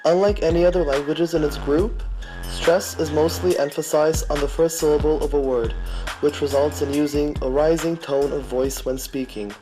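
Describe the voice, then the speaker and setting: A man narrating an educational piece in a measured, explanatory reading style. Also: a little high, fairly even intonation, music in the background, rough recording.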